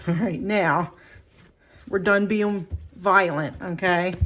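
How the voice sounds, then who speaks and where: A middle-aged woman chatting casually through a home baking demonstration, rambling with fillers and restarts, her voice a little shaky from kneading. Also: mid-range voice.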